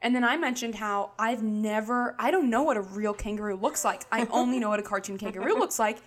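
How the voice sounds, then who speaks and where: A woman's voice: fairly high pitch, a little fast. A young woman co-hosting a podcast, telling a story in a joking, casual way. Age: young adult. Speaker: podcast co-host. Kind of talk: casual chat.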